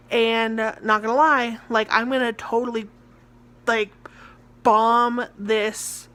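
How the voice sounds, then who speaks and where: A woman's voice: on the high side, a bit bright. A young American woman, a theatre student, ranting in a rambling casual vlog full of filler words. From United States. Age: young adult. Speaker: college theatre student vlogger.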